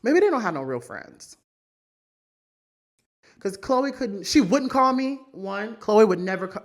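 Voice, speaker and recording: On a couch indoors, a woman hosts her own celebrity gossip podcast, brassy, blunt and profane, repeating lines to drive her points home. Her medium-pitched voice is very animated, and she keeps a measured pace with frequent pauses.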